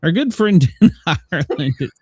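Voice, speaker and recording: Lively joking man co-hosting a livestream. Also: fairly high pitch, normal speed, slightly rough, no echo, clean studio sound. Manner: joking, rambling, self-mocking. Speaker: co-host of a daily news talk show. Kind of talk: casual banter on a livestream.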